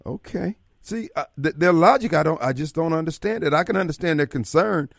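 Animated, preachy man on talk radio. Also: on the high side, a little fast, creaky, dry recording, clean studio sound. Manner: animated, preachy, swings from loud to muttering. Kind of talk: casual political talk radio chat.

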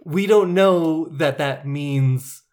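A podcast co-host chatting casually about a movie, with wry deadpan asides. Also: mid-range voice, slow pace.

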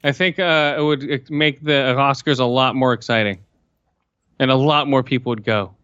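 A man's voice: mid-range voice, steady tone, normal speed, a bit bright, clean tone, no echo. Laid-back young man, dry dull mic. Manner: laid-back, hesitant, many fillers. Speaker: podcast host. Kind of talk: casual chat.

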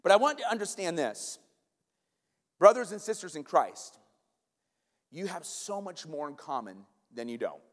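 An American pastor with a high, bright-pitched voice delivers a lively, conversational sermon, often turning to his listeners with quick asides. His voice rings out with a long reverb tail through a large sanctuary. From United States. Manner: lively, conversational preaching with frequent "right?" asides. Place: church sanctuary.

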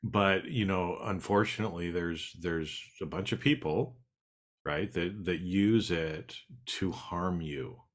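Deep-voiced man host explaining emphatically. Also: slow. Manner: emphatic, explains to listeners, swears casually. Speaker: podcast host, hypnotist. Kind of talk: casual conversation.

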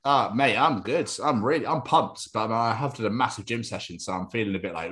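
A man's voice: fairly low pitch, brisk, hardly any pauses, a bit bright. A young man, co-hosting a podcast in casual chat, jokey and rambling. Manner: chatty, jokey, slips into silly put-on voices. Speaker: podcast co-host.

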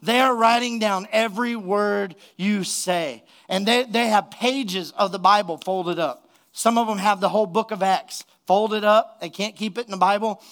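A man, a pastor, preaching a sermon and telling a funny story in an animated way, laughing at his own jokes. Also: sits high. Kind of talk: sermon with a humorous personal story.

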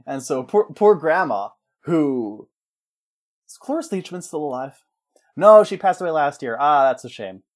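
A man in casual chat, pitching a story in a rambling, jokey way and slipping into character voices. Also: sing-song, a little slow.

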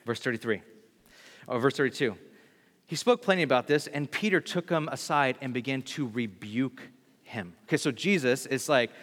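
A man preaching a sermon in a casual, animated way, full of slang and fillers. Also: mid-range voice, normal speed. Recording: long hall reverb.

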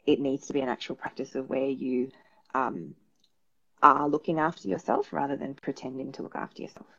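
A woman's voice: a bass voice, brisk, creaky, sharp tone, breathy edge, muffled recording. A woman, a psychologist guest, talking frankly and animatedly in a casual interview, often repeating words for emphasis.

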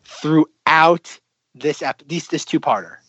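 A man's voice: a little high, unhurried, fairly bright tone, no room sound, highs cut off. A man co-hosting a podcast in playful casual chat, swearing casually. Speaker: podcast co-host.

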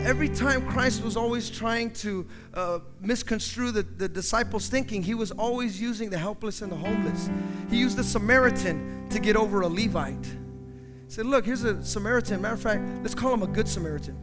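High-voiced impassioned preaching man. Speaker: pastor. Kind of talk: sermon. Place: church sanctuary. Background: piano playing.

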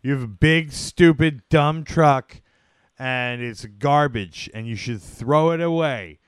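A man hosting a live stream of prank calls, with deadpan, mock-polite insults. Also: mid-range voice, takes it slowly, clean tone, no room sound, clean studio sound. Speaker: prank call host.

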